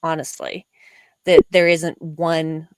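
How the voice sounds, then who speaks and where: A woman's voice: low voice, level tone, slow, smooth, dry recording, clean studio sound. A woman co-hosting a casual fan discussion, emphatic and opinionated with a playful lecturing streak. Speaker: co-host of a fan discussion show. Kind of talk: casual panel chat.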